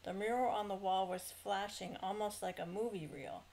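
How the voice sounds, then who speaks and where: A middle-aged woman shares a personal dream story in a loose, chatty way. Her voice has a gravelly edge, and she keeps circling back with fillers and self-corrections. A faint hiss sits under the recording. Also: medium pitch, moderate pace, darkish tone, rough recording. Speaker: speaker recounting a dream. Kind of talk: casual personal testimony.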